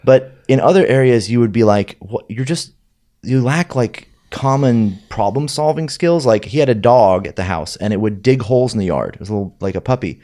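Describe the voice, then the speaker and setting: A man's voice: medium pitch, lively intonation, fairly quick, warm tone. A man, a weightlifting coach, guesting on a podcast, telling stories in a dry, sarcastic way. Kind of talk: casual podcast chat.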